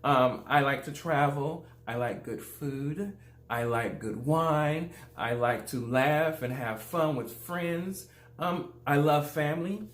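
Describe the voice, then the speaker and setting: A man's voice: fairly high pitch, slow pace. Upbeat Southern man in an echoey room. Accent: Southern US, Louisiana. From Louisiana, USA. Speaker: life coach, channel host. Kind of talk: casual motivational talk to camera.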